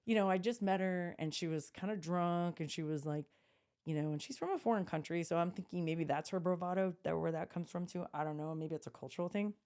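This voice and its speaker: A woman co-hosts a casual podcast, drifting into stories with plenty of "um" and "like". Her voice sits a little low and sounds warm and mellow. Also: a little fast. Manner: chatty storyteller, frequent fillers and restarts. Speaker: podcast co-host. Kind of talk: casual chat.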